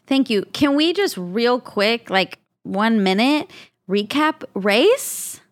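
Higher-pitched female co-host, lively and exclaiming, unhurried delivery. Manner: reactive, exclaims at the story. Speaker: podcast co-host. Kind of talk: casual chat.

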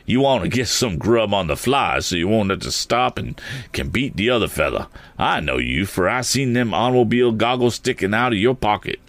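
A man's voice: lowish voice, lively intonation, fairly bright tone, dry recording. A man voicing a sly, chatty storekeeper with an in a read-aloud story. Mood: knowing. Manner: drawling, slow, folksy.

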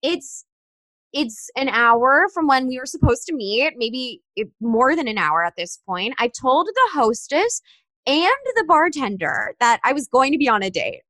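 A young woman spins a dating story in relaxed chat, and she acts out the lines of everyone in it. Her voice sits high and swings widely. The sound is dry and close. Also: a little slow, no echo. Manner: animated storyteller, acts out texts in quoted voices. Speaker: guest telling a dating story. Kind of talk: casual chat.

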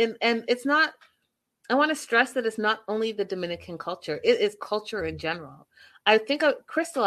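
A woman's voice: on the high side, fairly bright tone. A woman giving casual, passionate commentary on a reality show, full of emphatic rhetorical questions.

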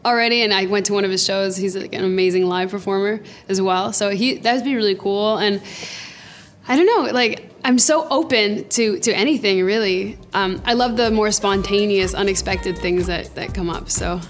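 A woman guest on a music podcast, talking about collaborators in a gushing, hesitant way. Her pitch is middling and she pads her answers with frequent fillers. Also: normal speed. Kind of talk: casual interview answers.

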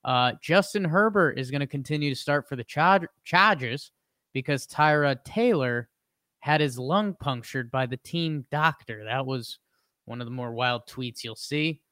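An easygoing man delivers a casual sports rundown on a podcast, tossing in quick quips between headlines. His pitch is middling and ordinary. The recording is close and dry. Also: bright, forceful tone, dry recording. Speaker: podcast co-host reading sports news.

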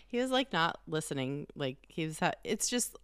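A woman's voice: low-pitched, sing-song, moderate pace, fairly bright tone, clean tone, no room sound, studio quality. A woman in her thirties, a parent, chatting casually and rambling with lots of fillers. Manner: rambling, filler-heavy storytelling. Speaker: parent of a young child. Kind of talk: casual chat.

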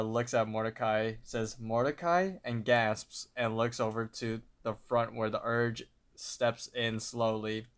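Smooth, unhurried male podcast co-host. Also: lowish voice, fairly bright tone. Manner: unhurried retelling with fillers and laughs. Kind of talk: casual episode recap. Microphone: online voice call.

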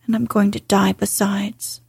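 Woman reader playing a spoiled sickly boy; sulky, breathy, slow storybook whine. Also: mid-range voice, level tone, darkish tone, dry recording, clean studio sound, full character voice. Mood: petulant. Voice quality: breathy whisper. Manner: sulky, self-pitying.

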